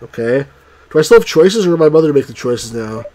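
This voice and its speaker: A man reviewing a text game, reading its story aloud in a halting way and stopping to correct himself. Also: fairly high pitch, very animated, warm tone. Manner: halting, stumbles and rereads words.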